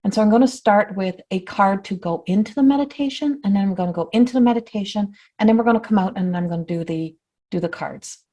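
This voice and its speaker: A woman spiritual teacher giving a flowing talk before a guided meditation, repeating and rephrasing, often dropping to a soft hush. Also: mid-range voice, quick pace. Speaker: spiritual teacher and oracle card reader.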